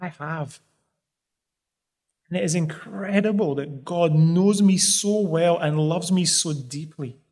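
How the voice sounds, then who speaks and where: A man preaching a sermon in an earnest, pleading way, pressing hard on key phrases. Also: a little high.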